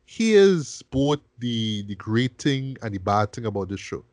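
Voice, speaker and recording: A man hosting a film review podcast in casual chat, animated and profane, often tagging "right?" and restarting words. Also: mid-range voice, a little slow, dry recording.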